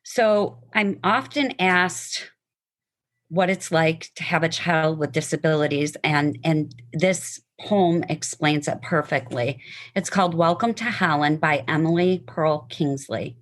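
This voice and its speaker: A woman's voice: deep voice, measured pace. A woman sharing her personal testimony and reading a poem aloud, heartfelt and emotional, sometimes stumbling over words.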